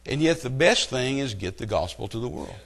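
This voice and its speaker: Preacher, middle-aged man, animated storyteller, builds to loud emphatic peaks, mid-pitched voice. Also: fairly quick, creaky. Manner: animated storytelling with rising outbursts. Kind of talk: sermon.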